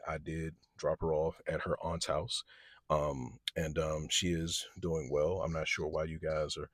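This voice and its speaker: A man's voice: rumbling low, dry recording, clean studio sound. A man telling a personal story in a casual vlog, acting out what other people said. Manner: animated storyteller, quotes others in lively voices.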